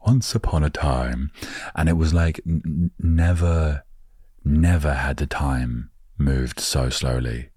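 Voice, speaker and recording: English male podcast host, slow husky voice, laid-back and jokey, wanders into silly tangents. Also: a bass voice, steady tone, warm tone, dry recording, clean studio sound. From England. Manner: playful, rambling, jokey asides. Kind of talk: relaxed storytelling podcast.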